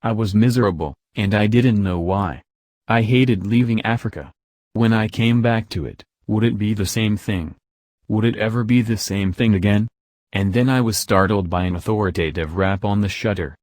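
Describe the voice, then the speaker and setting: A man reading a novel aloud as an audiobook narrator, measured and even, on a close mic. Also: fairly low pitch, no echo. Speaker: audiobook reader.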